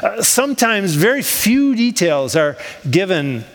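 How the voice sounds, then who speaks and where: A man's voice: high voice, very animated, measured pace, long reverb tail. A man preaching a sermon as pastor, talking in a conversational way with rhetorical questions and frequent ums. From United States. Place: church in Switzerland.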